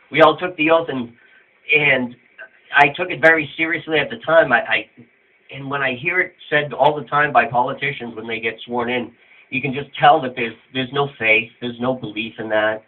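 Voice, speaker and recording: A man interviewing a guest, asking rambling, searching questions in a casual chat. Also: medium pitch. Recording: tinny phone-like line.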